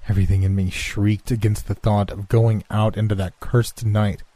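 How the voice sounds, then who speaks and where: Deep husky guy narrating a horror story, dark dry sound, hushed and steady. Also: normal speed, dry recording.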